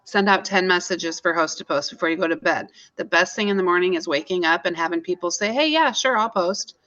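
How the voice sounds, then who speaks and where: A woman's voice: lowish voice, steady tone, fast talker, fairly bright tone, highs cut off. A woman giving practical, direct business advice to her team.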